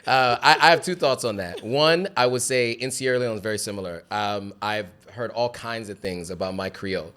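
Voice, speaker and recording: An American man speaks as an interview guest in a lowish voice. He lays out his thoughts calmly and reflectively. He steadily affirms the host between his own points. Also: normal speed, hardly any pauses, clear, resonant tone. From United States. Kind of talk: casual interview chat.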